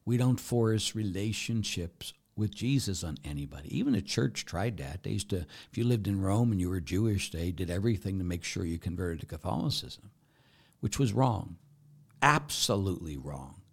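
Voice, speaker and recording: A middle-aged Catholic priest preaching during a Q&A, emphatic, often asking rhetorical questions and swinging between loud and soft. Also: male voice, low voice, animated, normal speed, slightly rough.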